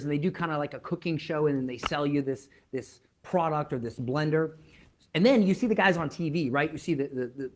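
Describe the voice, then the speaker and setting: A man speaking as a motivational speaker, telling a story to an online audience, emphatic and repeating words as he builds up, then dropping almost to a whisper. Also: fairly high pitch. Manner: emphatic, with dramatic drops to near-whispers.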